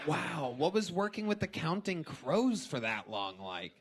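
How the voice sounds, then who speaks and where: A man's voice: on the high side, big pitch swings, takes it slowly, husky. A man hosting a live comedy show in a club, exclaiming and laughing often as he questions a comic. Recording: live crowd and room noise.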